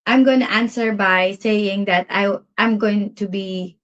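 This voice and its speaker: A woman with a Filipino accent co-hosts a live Q&A stream in casual chat. She speaks thoughtfully at a middle pitch and sometimes searches for words, and her voice comes through dull, lo-fi stream audio. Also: fairly even intonation, a little slow, fairly bright tone. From Philippines.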